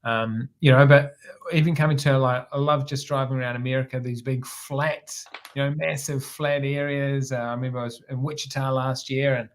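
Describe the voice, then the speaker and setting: A man's voice: mid-range voice, fairly even intonation, moderate pace. A man from New Zealand with a New Zealand accent, an easygoing, joking guest chatting casually about his country. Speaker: guest, former pilot. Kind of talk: casual interview chat.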